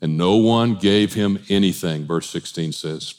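Guy preaching, animated, jokey asides, changes speed a lot. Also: sits low, a little slow. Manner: animated, shifting pace for emphasis, with asides and humor. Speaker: pastor. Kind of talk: sermon.

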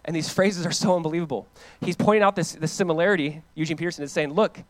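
Here a pastor from the United States talks fast in a fairly high pitch, preaching a sermon in an animated, conversational way. Loud, emphatic lines give way to hushed ones, phrases get repeated for emphasis, and the recording is dry.

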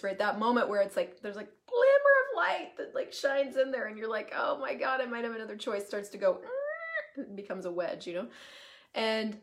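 A woman talking casually on a live video, chatty and emphatic, greeting viewers as she goes and swearing freely. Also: medium pitch. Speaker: certified facilitator hosting a live video. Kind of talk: casual live-stream monologue.

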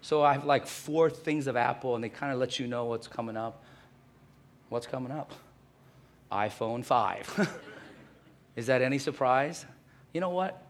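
Gravelly-voiced man preaching a sermon. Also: mid-range voice, a little hiss or hum. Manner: acts out quotes in hushed asides. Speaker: pastor.

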